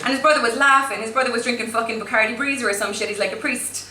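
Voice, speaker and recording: A woman's voice: on the high side, steady tone, rapid-fire, reverberant, recorded from a distance, a crowd in the background, lightly acted. A woman voicing a brash, drunk teenage girl with a real Cork City accent, rambling and swearing through flash fiction. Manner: swaggering, swearing, rambling storytelling. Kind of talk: flash fiction read aloud.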